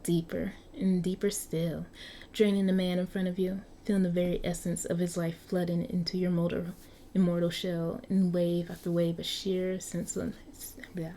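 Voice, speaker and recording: A woman's voice: lowish voice, little pitch movement, moderate pace, warm tone, slight background noise. A woman reading an interactive story aloud, often stumbling and restarting over words, with chatty asides to her viewers. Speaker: story narrator.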